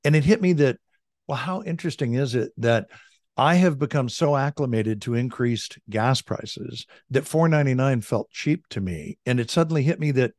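A middle-aged male coach talks in an upbeat, conversational way, often tossing in "right?" and "like." His voice sits at an ordinary pitch and is recorded on a close studio mic in a dry home office with no room echo. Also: normal speed. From California. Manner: energetic, conversational, frequent "like" and "right?". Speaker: leadership coach. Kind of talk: podcast interview, storytelling. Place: home office with a large bookshelf. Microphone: studio desk mic.

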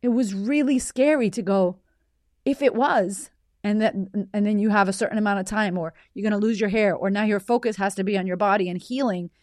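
A woman's voice: mid-range voice, a little fast, a little mellow, dry recording, clean studio sound. A woman hosting her own show, telling a personal story in a raw, emotional way with plenty of swearing. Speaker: podcast host.

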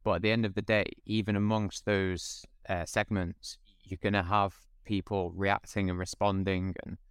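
A man's voice: low voice, little pitch movement, moderate pace, clear, resonant tone, no echo. A man speaking as a podcast guest, explaining steadily in casual conversation.

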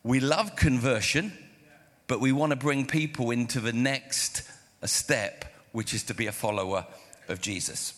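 A man preaching a sermon in a church hall, his mid-pitched voice ringing with long reverb. He tells stories with animation and acts out the dialogue, shifting between voices. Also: a little slow. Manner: animated storytelling, acting out dialogue. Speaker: pastor.

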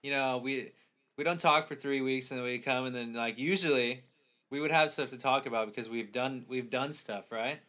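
Rambling young man with a bright voice. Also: mid-range voice, normal speed. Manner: rambling, joking, lots of fillers and swearing. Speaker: podcast co-host. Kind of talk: casual chat.

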